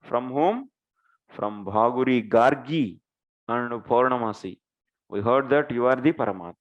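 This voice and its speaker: Slow man explaining scripture. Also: mid-range voice, highs cut off. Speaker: scripture lecturer. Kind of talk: scripture class with Sanskrit verses.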